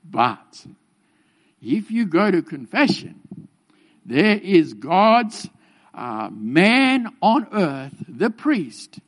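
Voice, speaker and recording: A middle-aged man giving a humorous talk to a congregation, telling a childhood story in a lively, joking way and acting out the fear. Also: sits high, drawn-out words.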